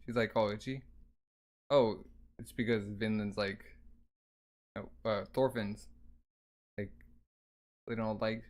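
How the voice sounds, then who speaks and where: A man's voice: fairly low pitch, steady tone, measured pace, long pauses, darkish tone. A man casually reading a comic aloud, with offhand commentary full of fillers. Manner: offhand, filler-heavy narration. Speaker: reader.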